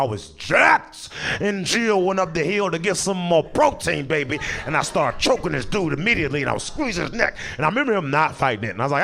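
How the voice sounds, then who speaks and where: Lively, bright-voiced male comedian. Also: a little high, vocal fry. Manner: animated, acts out characters, laughs mid-story. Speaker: stand-up comedian. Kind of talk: stand-up storytelling.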